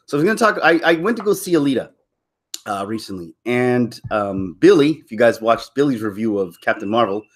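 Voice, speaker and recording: Rambling, jokey man with a lively voice. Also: mid-range voice, brisk. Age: middle-aged. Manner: rambling, jokey, laughs often. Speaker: channel host. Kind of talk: casual live-stream chat.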